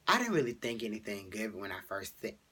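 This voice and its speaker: A teenage boy vlogger chatting through a storytime, rambling with fillers, jumping high for quoted lines and dropping to whispers. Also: sing-song, brisk, sharp tone, slightly rough. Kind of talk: casual storytime vlog.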